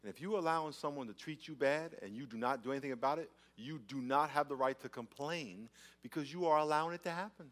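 A man's voice: fairly high pitch, quick pace. A male pastor preaching a sermon, telling stories with acted-out scenes, often repeating and restarting his words. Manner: animated storytelling, acts out scenes.

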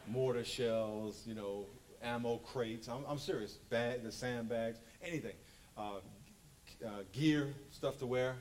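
A man preaching a sermon as pastor, animated and joking, acting out quotes. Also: lowish voice, a little hiss or hum, low-quality recording.

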